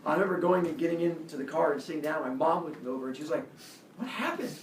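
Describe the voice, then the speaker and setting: A man's voice: a little high, rapid-fire, recorded from a distance, slight background noise. Man telling a story in an echoey room. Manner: animated, acts out quoted voices. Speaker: coach. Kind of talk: casual personal storytelling.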